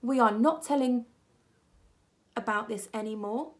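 A woman voicing an earnest young refugee boy who speaks in slow, careful, broken English. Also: fairly high pitch, natural voice.

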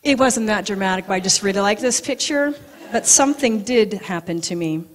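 A woman speaking at a live event in a mid-range voice, telling a personal story with lively, animated energy. She is a natural storyteller who laughs easily and slips into a soft, hushed tone to stress a point. Her delivery stays conversational and engaging. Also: medium pitch, fairly quick. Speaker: acupuncturist giving a talk.

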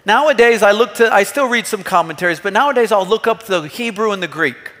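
Male pastor, thirties, bright high voice, earnest emphatic sermon, long church reverb. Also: expressive, fairly quick. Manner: earnest, emphatic preaching with rhetorical questions. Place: church hall.

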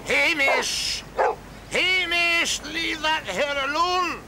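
A shrill Scottish golf pro yelling. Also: male voice, animated, drawn-out words, gravelly, heavy background noise, heavily acted. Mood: exasperated yelling. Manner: shouting at a dog from afar. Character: eccentric Scottish male golf pro, cranky and boastful.

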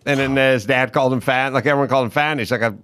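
A man's voice: mid-range voice, fairly even intonation, rapid-fire, a bit bright. A man hosting a podcast, rambling in an opinionated and profane way in casual chat. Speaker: podcast host.

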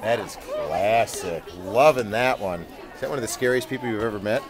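A man's voice: fairly low pitch, a little fast. A male host greeting costumed trick-or-treaters at a theatre Halloween event with upbeat, playful banter, complimenting each costume in turn. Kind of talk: on-the-spot event coverage. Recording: crowd chatter behind.

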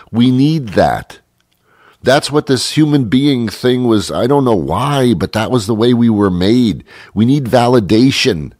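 A man's voice: medium pitch, lively intonation, unhurried, darkish tone, no echo, studio quality. A man hosting a talk show, musing aloud in a rambling monologue with frequent stammered restarts, while he has a cold.

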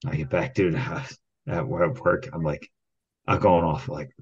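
A man co-hosting a podcast who tells a rambling work story full of swearing, getting worked up and loudly acting out his own arguments. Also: a bass voice, steady tone, unhurried, slightly rough. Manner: heated, rambling, swears constantly, acts out quoted arguments loudly. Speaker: podcast co-host. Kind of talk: casual profane storytelling. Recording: dull lo-fi sound.

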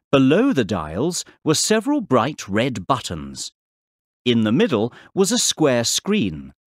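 Male narrator for learner audio, slow, deliberate, pitch that swoops widely; dry close recording. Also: no room sound. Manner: deliberate, expressive reading for learners. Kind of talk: slow, clear textbook narration.

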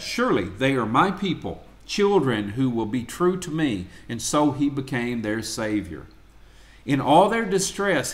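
Male preacher, mid-pitched, earnest and measured, reads scripture with emphasis. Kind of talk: sermon with scripture reading. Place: church.

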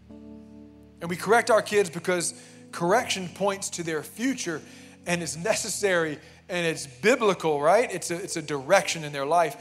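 A man's voice: fairly high pitch, a bit bright. A young man preaching a sermon in a church, talking emphatically and conversationally, often calling out "amen". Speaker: pastor. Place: church sanctuary.

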